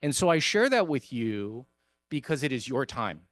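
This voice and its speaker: A man's voice: medium pitch, big pitch swings, normal speed, a bit bright, no room sound. A man who serves on a city council, giving an earnest, emphatic speech to a meeting, repeating his points for effect. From came to America as an immigrant. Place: meeting hall.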